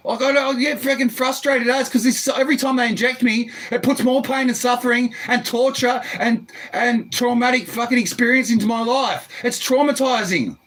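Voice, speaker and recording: A man with a strikingly high voice argues through a closed door, agitated and pleading, swearing and breaking into shouts. It sounds like an indoor phone recording. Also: fairly even intonation, moderate pace, hardly any pauses. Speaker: resident confronting police at his door. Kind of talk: heated argument.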